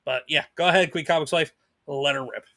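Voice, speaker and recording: Upbeat man with a high voice, hosting a casual livestream chat and greeting viewers. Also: fairly quick, bright, forceful tone. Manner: upbeat, thanks viewers and laughs often. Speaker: livestream co-host.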